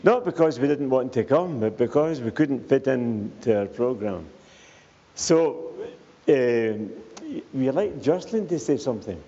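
A man's voice: mid-range voice, animated, measured pace, dark tone. Older man joking from a church pulpit. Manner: jokey, tags remarks with "eh?". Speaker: visiting evangelist. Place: church hall. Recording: echoey hall, muffled sound, faint background noise.

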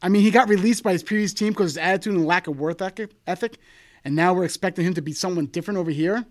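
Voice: medium pitch, fast. A sports talk co-host ranting sarcastically and in exasperation about a football team's offseason. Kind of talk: sarcastic fan rant on football.

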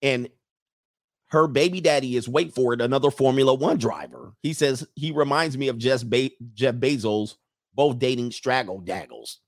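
This is a dry, clean studio recording of a man with a medium-pitched voice at a moderate pace. He hosts a live stream, loosely joking as he reads viewer comments aloud and riffs on them. It's casual commentary, spoken right to the chat.

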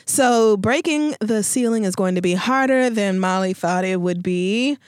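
Woman, podcast co-host, casual TV recap, animated, blunt, dry close sound. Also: medium pitch, measured pace, clear, resonant tone, no room sound. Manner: animated, laughing, blunt and profane. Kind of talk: casual TV episode recap chat.

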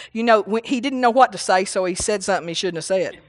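A woman's voice: fairly high pitch, a little fast, hardly any pauses, fairly bright tone. A woman preaching a rambling, folksy sermon at a church service, often laughing and saying hallelujah.

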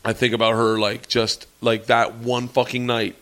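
Man, forties, comedian, profane, animated storytelling, laughing, casual chat. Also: mid-range voice, normal speed. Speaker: comedian guest.

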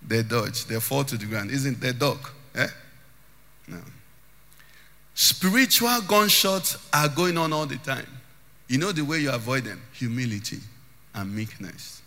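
Man, pastor preaching, emphatic and sing-song, bright forceful voice, long church reverb. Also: medium pitch, sing-song, unhurried. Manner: emphatic preaching with rising sung phrases and repeated words. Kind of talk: sermon.

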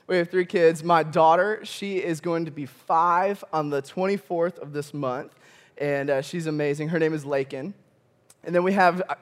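Animated high-voiced preacher man. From Michigan. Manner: animated storytelling, chuckles often, rallies the congregation. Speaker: campus pastor. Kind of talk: sermon. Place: church auditorium.

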